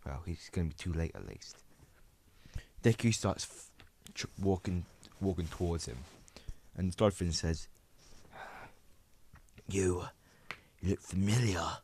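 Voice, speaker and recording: A man's voice: low voice, expressive, normal speed, long pauses, a little mellow, slight background noise. A man casually narrating a fan story, rambling with many restarts and asides to his viewers.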